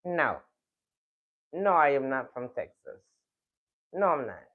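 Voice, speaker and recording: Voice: mid-range voice, big pitch swings. New Orleans speaker on a tinny livestream. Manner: emotional, drawn-out, talks straight to the audience. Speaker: livestream host. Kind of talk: casual heartfelt storytelling to viewers. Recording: tinny phone-like livestream audio.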